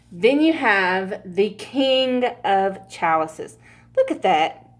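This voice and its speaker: Slow-talking woman giving a tarot reading. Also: mid-range voice, big pitch swings. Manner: chatty, laughs often, swears freely. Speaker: tarot reader. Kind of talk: casual pick-a-card tarot reading.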